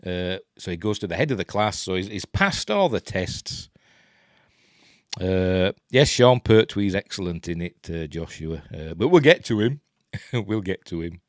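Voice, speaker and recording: Yorkshire male host, casual webcam chat, low voice, dry sound, lots of pitch movement. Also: expressive, a little slow, dry recording. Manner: rambling, chatty, self-interrupting. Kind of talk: casual live film commentary.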